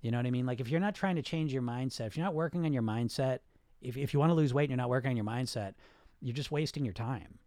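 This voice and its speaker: A man's voice: mid-range voice, fast, mellow, no echo, studio quality. A middle-aged man coaching on weight loss in a casual, blunt, rambling way, with restarts and swearing. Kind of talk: casual coaching talk answering listener questions.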